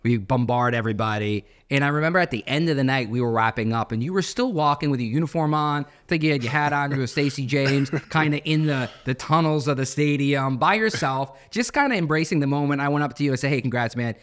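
A chatty man co-hosting a relaxed interview, once a sports reporter. He wraps his questions in long, warm stories and talks at a quick clip. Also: mid-range voice. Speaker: podcast co-host, former sports reporter. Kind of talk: casual interview chat.

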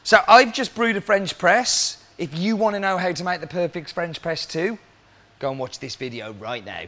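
A man's voice: high-pitched, moderate pace, pushed and bright. A man who works as a coffee roaster, explaining his work in a casual way and asking the viewer questions.

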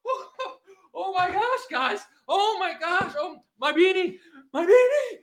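A hysterical streamer, squealing way up high, yelling, wild swings. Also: male voice, expressive, slow pace, full character voice. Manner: shrieking, overexcited, shouting. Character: frantic panicking male streamer, hysterical.

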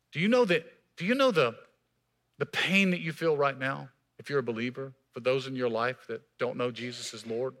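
A man at medium pitch gives a church sermon as pastor, emphatic throughout as he swings from raised passages to hushed, quiet ones.

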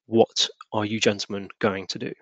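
A man running a tabletop role-playing game, narrating scenes in a relaxed, descriptive way. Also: lowish voice, normal speed, no echo. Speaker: game master.

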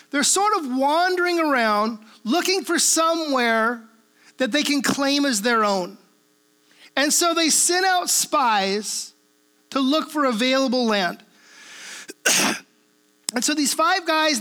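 A woman pastor from the Pacific Northwest delivers a relaxed teaching sermon with a high, bright voice. She talks conversationally and keeps checking in with her listeners. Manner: casual, checks in with listeners through frequent tag questions.

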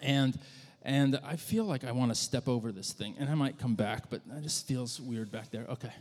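A man preaching to his congregation in an easy, story-telling way, stumbling and repeating words as he gathers his thoughts. His voice sits at an ordinary middle pitch. It rings out with a long reverb, as in a large church sanctuary. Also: darkish tone. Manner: conversational, halting with frequent restarts. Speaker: pastor. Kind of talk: sermon storytelling.

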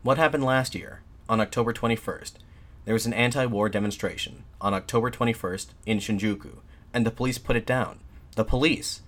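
A man voicing a defiant nationalist addressing soldiers from a balcony, in an impassioned, shouted pleading manner. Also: fairly low pitch, fairly quick, voice pushed up, natural voice. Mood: fervent, shouting.

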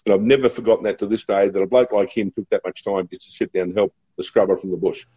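A middle-aged Australian man, a radio broadcaster, spins chatty anecdotes and laughs easily. His voice sits low, with a husky, mellow grain. The recording sounds dull and lo-fi. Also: steady tone, fast talker. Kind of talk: casual storytelling.

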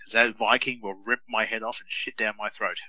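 A man's voice: fairly low pitch, level tone, brisk, bright, forceful tone, dry recording, poor audio. A man, co-hosting a casual wrestling chat in an easygoing, rambling way with many fillers. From Australia. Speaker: podcast co-host.

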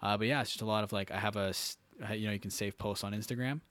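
A man's voice: lowish voice, fairly even intonation, racing, a bit bright, dry recording. A man talking as a podcast guest in casual conversation, rambling and correcting himself as he goes. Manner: rambling, self-correcting, upbeat.

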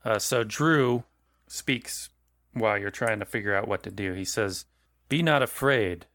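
Low-voiced man narrating as game master. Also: a little slow, fairly bright tone, dry recording. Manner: conversational, restarts and rephrases. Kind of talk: narrating a tabletop horror game.

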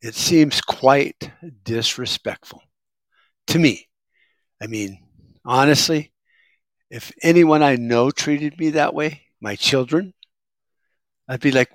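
A man's voice: medium pitch, slow pace, pauses often, dry recording. A middle-aged man talking in a casual, rambling monologue, sarcastic and wisecracking. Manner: rambling, sarcastic, self-described smartass. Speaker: vlogger.

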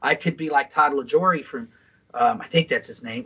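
A man's voice: on the high side, a little fast, a bit bright, slightly rough, muffled recording. A man co-hosting a podcast in casual chat, talking in a rambling, profane way. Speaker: podcast co-host. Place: Saint Louis.

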